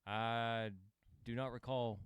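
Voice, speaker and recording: A man's voice: medium pitch, level tone, takes it slowly, smooth, dry recording. A man co-hosting a casual chat show, laid-back with short dry remarks. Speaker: podcast co-host.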